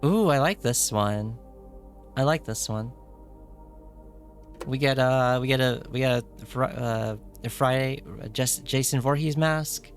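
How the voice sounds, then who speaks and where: A man streaming a story game live, reacting in a playful, excitable way with jokey asides. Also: medium pitch, a little slow, soft background music. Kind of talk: live playthrough commentary.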